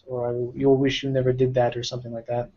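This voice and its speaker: A man with a mid-pitched voice chats eagerly on a podcast, jumping in to add his thoughts. His audio sounds dull and lo-fi. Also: completely flat delivery, rapid-fire, dark tone. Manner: eager, chatty, jumps in. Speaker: podcast co-host. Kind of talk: casual discussion of a video game.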